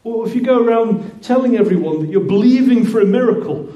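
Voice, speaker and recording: A man's voice: very high voice, expressive, fairly quick, dark tone, lo-fi sound. A man preaching a sermon in a conversational way, often repeating words and restarting phrases. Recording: roomy echoing hall.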